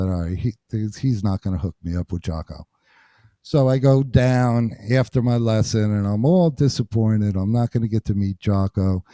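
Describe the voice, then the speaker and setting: Casting: low, very dark male voice, lively storyteller guest, dry sound. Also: dry recording. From New Jersey. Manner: animated storyteller acting out quotes. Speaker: guest bassist. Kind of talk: storytelling interview.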